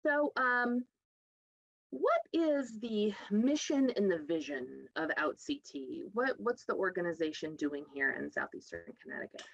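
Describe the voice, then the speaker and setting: A woman's voice: mid-range voice, expressive, measured pace, gravelly, no echo, muffled recording. A woman hosting a local TV health program, upbeat and encouraging as she interviews her guest. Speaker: TV show host. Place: local TV studio.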